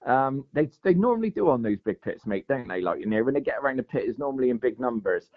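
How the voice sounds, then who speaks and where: Male guest, casual rambling storyteller, mid pitch, muffled recording. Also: big pitch swings, quick pace. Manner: rambling, lots of fillers and "mate". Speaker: guest angler. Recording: dull lo-fi podcast audio.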